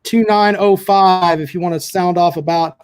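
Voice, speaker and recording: High-voiced man hosting a call-in show. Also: steady tone, moderate pace, clear, resonant tone. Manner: loose, hesitant, lots of fillers. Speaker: show host taking calls.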